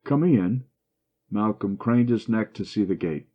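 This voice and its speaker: A man reading a classic short story aloud in steady, even narration. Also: fairly low pitch, normal speed. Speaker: story reader. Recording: dull lo-fi recording.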